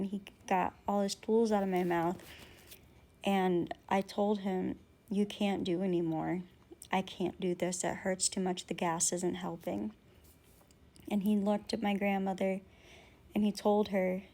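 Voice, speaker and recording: A woman's voice: mid-range voice, warm tone. A young woman candidly telling a personal story in a vlog, with frequent ums and restarts. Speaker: vlogger.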